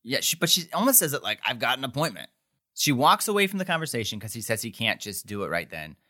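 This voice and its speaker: A podcast co-host recaps a TV episode in a casual, rambling way, dropping "like" constantly and acting out quotes. His medium-pitched voice is very animated and sharp, and he talks fast.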